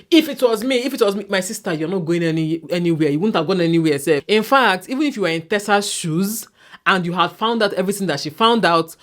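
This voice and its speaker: A woman with a Nigerian accent hosting a commentary vlog, speaking bluntly and emphatically to camera. She mixes pidgin into casual talk and often ends points with "okay?". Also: low voice. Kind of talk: casual opinion monologue to camera.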